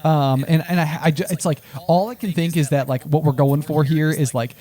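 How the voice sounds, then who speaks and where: A man's voice: fairly high pitch, steady tone, brisk, warm tone. A man co-hosting a book podcast, chatting casually with many fillers and playful quoted voices. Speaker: podcast co-host. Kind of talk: casual book-discussion chat.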